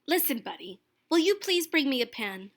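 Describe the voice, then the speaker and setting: A woman's voice: sits high, big pitch swings, normal speed, a bit bright, full character voice. A woman reading aloud and voicing a patient bunny father making polite requests.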